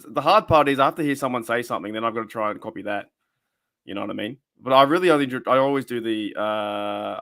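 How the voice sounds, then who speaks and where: This is an Australian man hosting a laid-back sports podcast. He speaks at an ordinary pitch and keeps circling back with restarts, fillers and half-finished thoughts. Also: a bit bright. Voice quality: rambling, many restarts and fillers. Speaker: podcast host. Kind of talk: casual sports chat.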